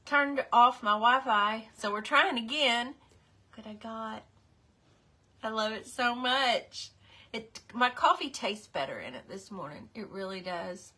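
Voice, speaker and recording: A woman's voice: fairly high pitch, expressive, a little slow, bright, forceful tone. A middle-aged woman hosting a casual live craft stream, chatty and apologetic, greeting her viewers by name. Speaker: craft livestream host.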